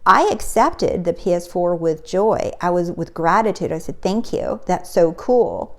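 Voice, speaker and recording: A woman's voice: fairly low pitch, lively intonation, measured pace. A middle-aged woman, a spiritual coach, telling a personal story in a casual motivational talk and acting out the quotes.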